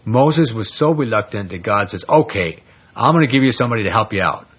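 A man teaching an informal Bible study, retelling scripture in a conversational, animated way with plenty of fillers. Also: lowish voice, fairly quick, slightly rough. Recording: dull lo-fi recording.

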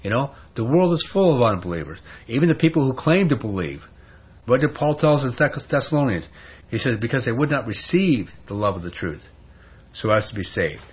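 A man's voice: medium pitch, sing-song, fairly quick, husky. A man preaching a sermon in an emphatic, conversational way, often asking rhetorical questions. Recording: dull lo-fi sermon recording.

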